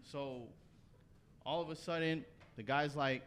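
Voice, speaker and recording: A young Canadian man performing a stand-up set, telling a loose, profane story with animated bursts. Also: a little high, measured pace, a little hiss or hum. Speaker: stand-up comedian. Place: comedy stage before a live audience.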